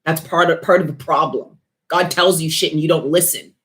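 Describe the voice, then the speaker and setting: A woman's voice: low-pitched, a little fast. Blunt, profane woman reading tarot. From Canada. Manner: blunt, profane, street slang. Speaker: tarot reader. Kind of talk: casual spiritual tarot reading.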